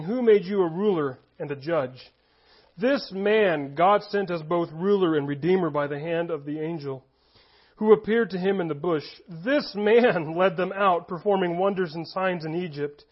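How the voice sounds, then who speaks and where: A high-pitched male pastor delivers a sermon, moving between scripture reading and lively, emphatic explanation with chuckles along the way. The recording sounds dull and lo-fi. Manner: animated preaching with frequent chuckles and emphatic rises.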